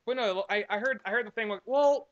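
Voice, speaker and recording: A man's voice: sits high, a little fast, lo-fi sound. A young man co-hosting a comedy podcast, rambling with hesitant restarts between silly bits. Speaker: podcast co-host. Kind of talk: casual comedic chat.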